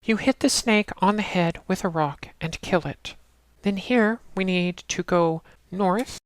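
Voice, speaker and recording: A woman narrating a game walkthrough in a steady, instructional way, talking the player through each step. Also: mid-range voice, measured pace, no room sound. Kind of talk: casual let's-play walkthrough narration.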